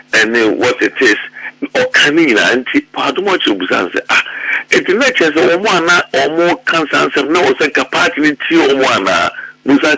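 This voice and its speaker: A middle-aged man with a Ghanaian accent, speaking in heated commentary about his party. His voice is very bright and cutting, a little low in pitch, and the sound is close and dry. When he gets worked up he repeats words fast. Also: breathy edge, no room sound, rough recording. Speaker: political party member.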